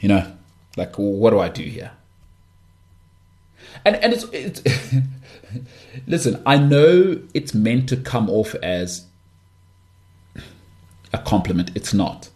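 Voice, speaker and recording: A man's voice: fairly low pitch, sing-song, slow, pauses often, a little mellow. A man with a Johannesburg northern suburbs South African accent, hosting a podcast in a blunt, rambling, candid rant full of restarts and asides. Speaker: podcast host.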